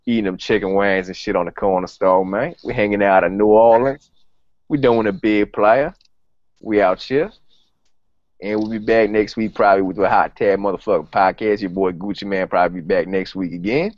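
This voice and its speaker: A man's voice: fairly low pitch, steady tone, normal speed, dry recording, natural voice. A man doing a brash boastful Southern rapper. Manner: slangy drawling boasts ending lines with "man". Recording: dull lo-fi podcast audio.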